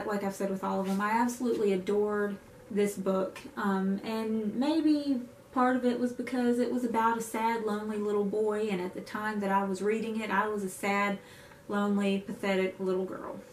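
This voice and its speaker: A woman's voice: mid-range voice, fairly even intonation, moderate pace. A young woman vlogger chatting casually to camera about books she loves, with self-mocking asides. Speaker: book vlogger. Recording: echoey room with faint hiss.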